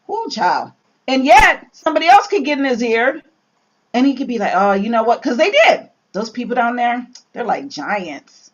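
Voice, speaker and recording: A woman teaching a Bible study in a relaxed, conversational way, reading verses slowly and then jumping into lively asides. Her voice sits a bit high. The recording sounds a little muffled and lo-fi. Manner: animated, reads scripture aloud then riffs with sudden high exclamations.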